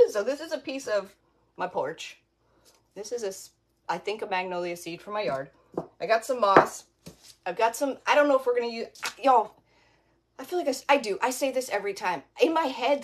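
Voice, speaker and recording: A woman hosting a chatty crafting livestream, rambling and greeting viewers by name. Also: medium pitch.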